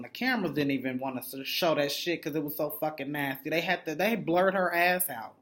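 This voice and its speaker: A man's voice: on the high side, lively intonation, fast talker, hardly any pauses, fairly bright tone. A man recaps a reality show episode in a loose, foul-mouthed way. He is blunt and gossipy and keeps acting out the lines of the people he talks about. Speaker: TV recap reviewer. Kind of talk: casual, profanity-heavy reality show recap.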